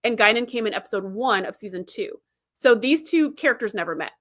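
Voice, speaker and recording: A woman hosting a livestream, chatting about a TV series in an animated, casual way and laughing often. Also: fairly high pitch, a little fast. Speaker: livestream host. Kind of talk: casual fan commentary.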